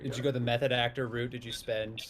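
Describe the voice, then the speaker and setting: A man's voice: medium pitch, flat delivery, fast talker, crowd noise. Man with dry joking quips. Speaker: stream guest. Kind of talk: casual chat.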